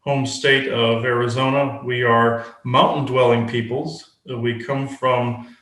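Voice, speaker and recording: A man voicing a huge, hairy, man-bear elemental who speaks in short, clipped sentences and is quick to temper. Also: mid-range voice, steady tone, a bit bright, lightly acted. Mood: plain. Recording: roomy echo.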